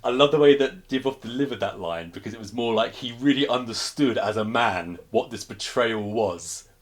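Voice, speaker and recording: A man co-hosting a casual film review podcast, retelling plots in an animated way with frequent restarts. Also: medium pitch, moderate pace. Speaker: podcast co-host.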